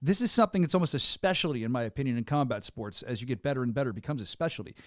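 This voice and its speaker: A man's voice: mid-range voice, lively intonation, racing, dry recording, studio quality. A male podcast host and event announcer, chatting energetically in a rambling hype-man way as he interviews a guest. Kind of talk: casual interview chat.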